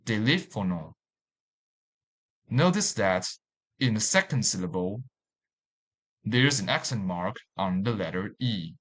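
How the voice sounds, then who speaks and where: A man narrating a language lesson in a slow, deliberate way, repeating each example word. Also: on the low side, animated, fairly bright tone. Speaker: language teacher.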